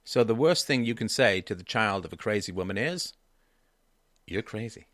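A man's voice: on the low side, expressive, a little fast, a bit bright, no echo, studio quality. A man hosting a call-in advice show, talking emphatically and repeating key phrases for stress.

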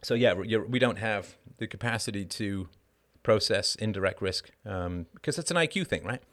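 A man's voice: lowish voice, normal speed, fairly bright tone. Blunt, profane man ranting on a live show. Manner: sardonic asides and rhetorical questions. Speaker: host of a live call-in show. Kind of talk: heated monologue on a live show.

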